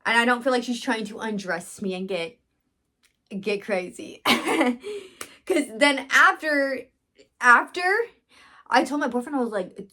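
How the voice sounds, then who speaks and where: A young woman tells a storytime into her phone camera, her voice sitting a little high. She laughs often and plays out her own inner thoughts with animated, dramatic flair. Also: a little slow, long pauses. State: just bit her lip, bleeding. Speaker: massage therapist and vlogger. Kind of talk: casual storytime vlog.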